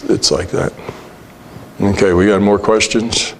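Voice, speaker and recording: A man's voice: fairly low pitch, steady tone, unhurried, vocal fry, a little hiss or hum. A man speaking to a workshop audience and answering their questions in a conversational way, with many fillers, acting out bits of dialogue. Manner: conversational, many "you know" fillers, acts out quoted dialogue.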